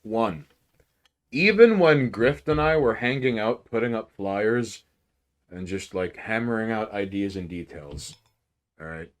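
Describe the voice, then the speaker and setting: A man from New York co-hosting a podcast, telling stories in a profane, animated way with big swings in loudness. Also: fairly low pitch, measured pace. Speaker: podcast co-host. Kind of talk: casual chat, storytelling.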